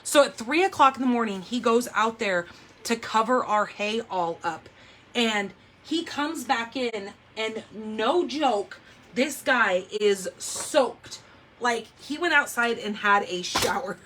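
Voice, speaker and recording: A woman hosting a live card-making session from her craft table at home, chatting in an animated way and often saying "like" and "oh my gosh". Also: fairly high pitch, slow pace, a little hiss or hum. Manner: chatty, animated storyteller, says "oh my gosh" and "like" a lot. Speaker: papercraft livestream host. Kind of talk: casual chat while demonstrating card making.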